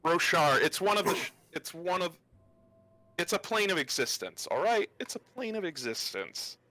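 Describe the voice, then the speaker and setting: Male game master on stream, bright and dry, halting with restarts. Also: high voice, very animated, dry recording. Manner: distracted, halting, with many restarts. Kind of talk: casual tabletop game narration on a livestream.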